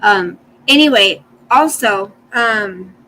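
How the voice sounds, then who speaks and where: An older woman chatting casually with her live stream viewers, rambling between stories and stopping to coo softly at her dog. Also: mid-range voice, lively intonation, takes it slowly, slight background noise, low-quality recording. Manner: chatty, rambling, talks to her dog in soft baby talk.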